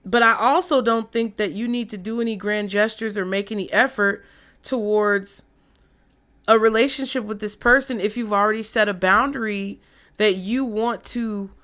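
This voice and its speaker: A woman's voice: medium pitch, measured pace, pushed and bright. A woman giving a casual tarot reading in a blunt, frank way, swearing freely. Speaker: tarot reader.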